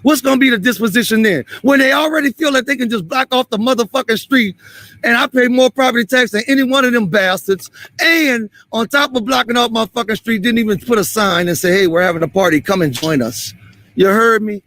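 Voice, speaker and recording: A man confronting police on a street, angry and profane, repeating himself and shouting at times. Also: very high voice, brisk, dry recording.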